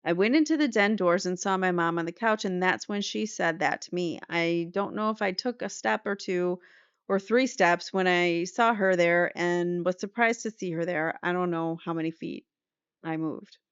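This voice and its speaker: A woman voicing a young male defendant, answering cross-examination in a halting, defensive way. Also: fairly low pitch, smooth, no echo, lightly acted. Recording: slightly muffled dry recording.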